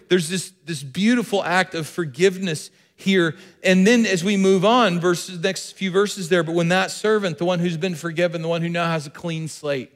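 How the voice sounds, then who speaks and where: Earnest male preacher in a reverberant hall. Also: sits high. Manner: earnest, repeats key phrases for emphasis. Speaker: pastor. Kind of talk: sermon.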